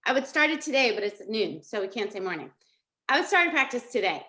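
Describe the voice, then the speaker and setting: A middle-aged woman leading a live coaching session over a video call, energetic and checking in with her listeners again and again. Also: fairly high pitch, quick pace. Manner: energetic, checks in often with "okay?" and "right?". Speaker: life coach.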